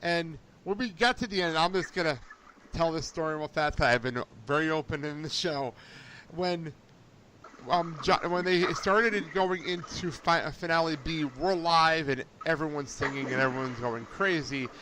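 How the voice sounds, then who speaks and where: A young man hosting a casual podcast chat, excitable and quick to laugh as he tells stories. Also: fairly high pitch, noisy background. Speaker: podcast host.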